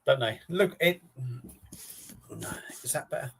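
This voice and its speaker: A man's voice: on the high side, slow pace, slightly rough. A man hosting a casual live beer stream, chatting in a rambling, matey way with casual swearing.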